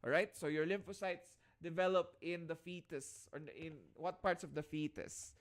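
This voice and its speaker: Filipino guy teaching class over a video call, slightly high voice, keeps going "all right?" and restarting lines. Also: fairly even intonation, normal speed. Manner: checks in constantly with "all right?"; restarts and repeats phrases as he explains. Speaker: lecturer. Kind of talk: online class lecture.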